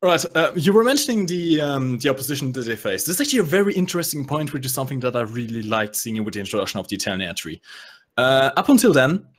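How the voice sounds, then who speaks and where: A man's voice: mid-range voice, very animated, fast talker. A man talking through game tactics on a podcast. He explains matchups analytically and drops the odd jokey aside. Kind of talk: casual gaming podcast chat.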